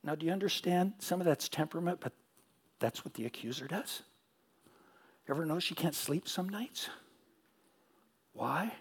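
A man's voice: fairly high pitch, animated, moderate pace, pauses often, husky. A middle-aged man pastor preaching a sermon, telling stories and asking the audience questions, with repeated phrases.

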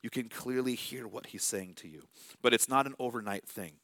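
A man's voice: mid-range voice, a little fast, gravelly, pushed and bright, dry recording. A man in his thirties preaching a sermon as pastor, in a conversational, self-amused way with small acted asides.

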